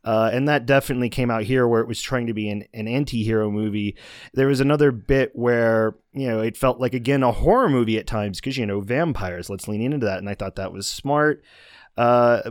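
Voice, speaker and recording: A man's voice: medium pitch, no room sound, studio quality. A man co-hosting a movie podcast, talking in a casual, rambling way with many restarts and asides. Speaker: podcast co-host reviewing movies. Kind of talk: casual chat.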